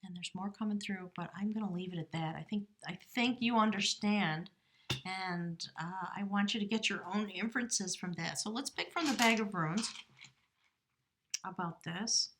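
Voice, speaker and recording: A woman's voice: mid-range voice, normal speed, noisy background. Earnest woman giving a tarot reading. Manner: earnest, emotive, drifts into soft whispers. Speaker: tarot reader. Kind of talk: spiritual reading monologue.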